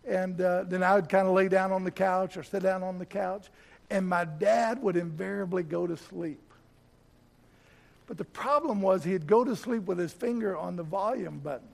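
Preaching in a church, a middle-aged man shares a story from his own life, repeating words frequently. At tender points he grows quiet and slow, and his voice is gravelly and high-pitched.

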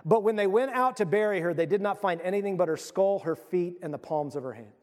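A man's voice: high-pitched, brisk, big-room sound. A middle-aged male pastor preaching a sermon in a conversational, emphatic way.

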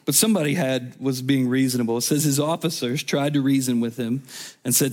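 A man's voice: medium pitch, brisk, darkish tone. A man preaching a sermon as a guest speaker, in a casual, chatty way with offhand asides. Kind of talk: conversational sermon.

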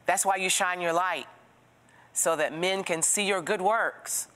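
A woman teaching a Bible study, telling stories in an expressive, preacherly way and asking the listener direct questions. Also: on the low side, measured pace, in a large hall.

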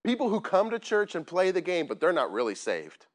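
A man's voice: high voice, huge pitch swings, a little fast. A man preaching a sermon as pastor, plain-spoken and self-deprecating, often asking the congregation questions. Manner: conversational, asks the congregation questions.

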